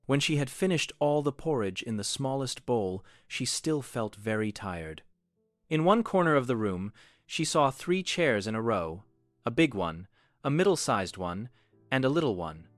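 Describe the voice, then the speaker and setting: A man reading a fairy tale aloud in an animated, expressive storytelling manner. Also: medium pitch, moderate pace, dry recording, clean studio sound.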